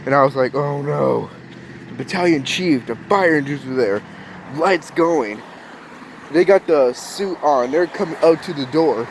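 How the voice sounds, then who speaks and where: A young man with a slightly high voice tells a story from his past, bouncing between his own lines and the voices of others. Faint traffic hum sits behind him, as if he is recording outdoors. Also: moderate pace. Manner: animated, acts out quoted voices. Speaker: vlogger. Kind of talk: casual storytelling.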